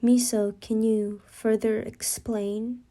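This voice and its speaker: A woman voicing a calm, polite teenage boy who speaks quietly. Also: a little high, takes it slowly.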